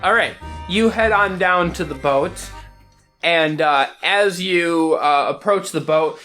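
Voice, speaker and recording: A man narrating a tabletop game as game master in a relaxed way, with many fillers. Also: fairly high pitch, slow pace, soft background music.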